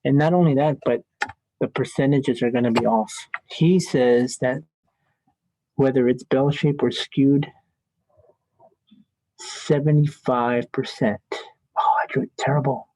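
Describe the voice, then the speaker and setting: A man's voice: mid-range voice, steady tone, measured pace, long pauses, mellow, no room sound, low-quality recording. A man teaching statistics in a classroom lecture, chatty and joking as he thinks aloud at the board.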